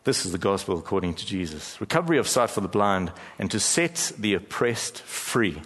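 A middle-aged man preaching a sermon as pastor, telling stories with emphatic pauses and dramatic slow-downs. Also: lowish voice, very animated, a bit bright, slightly rough. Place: large church hall. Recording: long hall reverb.

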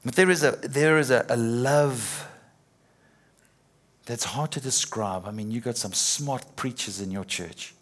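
A middle-aged man preaching in a loose, chatty way, repeating words as he builds a point. His voice is slightly husky and sits at an ordinary middle pitch for a man. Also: measured pace, a bit bright. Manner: conversational, with repetitions and playful acted quotes. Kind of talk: sermon.

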